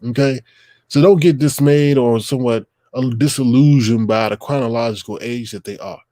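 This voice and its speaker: A man's voice: mid-range voice, normal speed, dark tone, dry recording, clean studio sound. A man in his thirties hosting a casual livestream, talking bluntly and with profanity straight to his viewers from home. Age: 30s. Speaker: livestream host.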